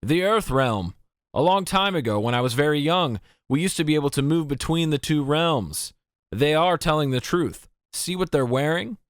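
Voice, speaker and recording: A man's voice: on the high side, moderate pace, clear, resonant tone, no echo, studio quality, voice pushed up, natural voice. A man voicing a small, frail old villager with a groggy, old-sounding voice in an audiobook. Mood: earnest.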